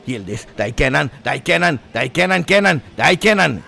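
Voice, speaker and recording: A man hosting a live football watch-along, chatting with viewers and reacting to the match, whose voice swings from low asides to loud cheering. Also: normal speed, creaky, hardly any pauses. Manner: excitable, switches from low asides to shouting celebration.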